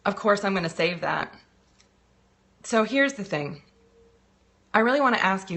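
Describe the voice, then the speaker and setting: A woman's voice: medium pitch, animated, normal speed, pauses often, fairly bright tone. A woman coaching on a live stream, greeting viewers by name, then speaking earnestly about loss while holding back tears. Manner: earnest, heartfelt. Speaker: financial and business coach.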